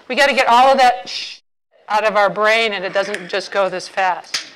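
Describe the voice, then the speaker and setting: A woman's voice: medium pitch, a little slow, a bit bright, rough recording. A woman author giving a humorous talk to a live audience, playfully quizzing the crowd. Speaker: author and intimacy speaker.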